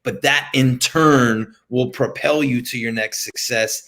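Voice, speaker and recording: A man hosts a conversational podcast, speaking in an encouraging, reflective manner. He asks his guest probing follow-up questions. His voice sits at an average middle pitch for a man. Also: fairly even intonation, a little slow, pushed and bright. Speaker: podcast host. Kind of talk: conversational interview.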